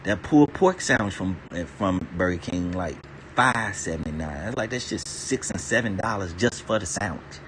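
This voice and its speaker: A low-pitched, slightly bright and expressive voice carries this man's casual streaming rant at a moderate pace, with a little hiss or hum behind it. He swears constantly, laughs between lines now and then, and jumps freely between topics.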